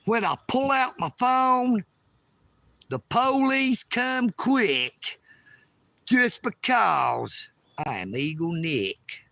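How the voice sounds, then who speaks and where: A man rambling loudly and emphatically on a livestream from his bedroom. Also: high voice, big pitch swings, drawn-out words, vocal fry. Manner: loud, emphatic, self-promoting.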